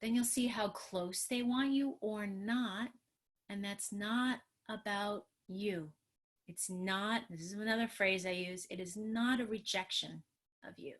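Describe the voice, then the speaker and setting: A middle-aged woman, a trauma therapist, giving an animated, emphatic webinar talk on a video call and acting out what parents and children say. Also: mid-range voice, unhurried. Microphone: computer mic on a video call.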